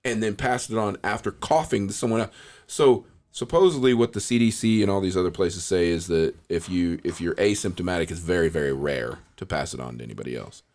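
A man's voice: low-pitched, a little fast. A man hosting a casual chat, ranting and swearing freely. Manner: profane, ranting, animated. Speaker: podcast host.

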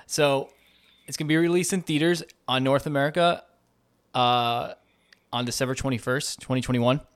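A man's voice: mid-range voice, steady tone, normal speed, smooth, dry recording. Upbeat chatty man co-hosting a podcast. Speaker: podcast co-host. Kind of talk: casual gaming news chat.

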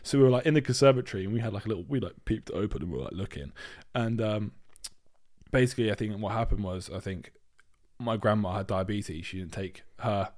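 Man, young, casual podcast chat, lively, swears a lot. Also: fairly low pitch, fast talker. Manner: animated storyteller, swears freely, acts out voices. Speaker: podcast co-host.

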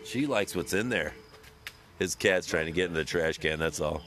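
A man's voice: sits low, moderate pace, a bit bright, faint music behind. A man co-hosting a home podcast, in loose casual chat full of swearing and jokes, recorded on a phone. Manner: swearing, joking, loose banter. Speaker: podcast co-host. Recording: phone on the table.

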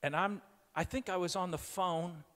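A middle-aged man preaching a sermon as a pastor in a church, moving from storytelling to loud, emphatic preaching. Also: high voice, fairly even intonation, normal speed. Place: church sanctuary. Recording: long hall reverb.

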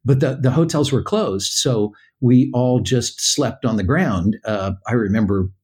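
Older man from the States, halting, animated, mid-pitch, casual interview storytelling. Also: husky. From United States. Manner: halting, animated storyteller who acts out dialogue. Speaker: guest.

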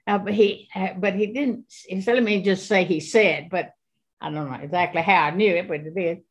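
A woman in her eighties giving an earnest faith testimony, halting often and repeating her words. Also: on the low side, fairly even intonation. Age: 80s. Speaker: guest.

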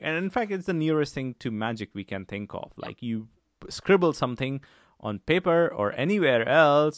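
A man's voice: mid-range voice, clear, resonant tone, no echo, studio quality. A male podcast host talking casually and enthusiastically, addressing his listeners as "guys". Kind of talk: casual interview chat.

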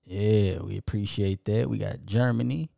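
A man's voice: on the low side, steady tone, moderate pace, gravelly, dark tone, no room sound, studio quality. A man co-hosting a podcast, casually reading out listener locations and apologizing when he stumbles over foreign names. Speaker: podcast co-host.

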